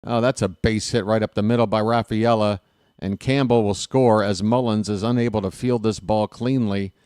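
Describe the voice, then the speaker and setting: Baltimore-accented man, fan-style solo play-by-play; low-pitched, dry close sound. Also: normal speed, clear, resonant tone, no echo. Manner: excited fan rooting for his team. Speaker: play-by-play announcer. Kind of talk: solo baseball play-by-play commentary.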